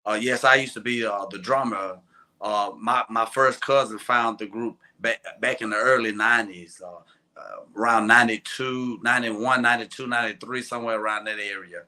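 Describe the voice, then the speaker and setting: A man in his forties with a Mississippi accent, a gospel quartet singer as guest, soft-spoken and hesitant. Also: on the low side, fairly even intonation, moderate pace. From Tupelo, Mississippi. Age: 40s.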